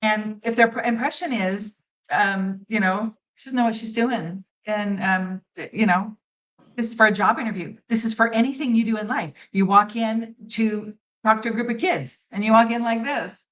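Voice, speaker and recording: A woman's voice: medium pitch, fairly even intonation, moderate pace, fairly bright tone, low-quality recording. A middle-aged woman talks through interview questions as a seasoned pageant judge and coach. She sounds confident and emphatic, slips into quoted voices to make a point, and laughs easily. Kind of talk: conversational interview answers.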